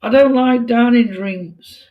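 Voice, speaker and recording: A woman's voice: fairly high pitch, slow pace, phone-quality sound. A woman hosting a casual stream chat with a sore throat, giving short, reluctant replies. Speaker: stream host.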